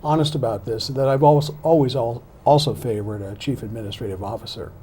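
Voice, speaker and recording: A man, a political science professor, explaining his views as a guest on a TV interview in a measured way, with some restarts. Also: mid-range voice, dark tone, slightly rough. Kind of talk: studio interview.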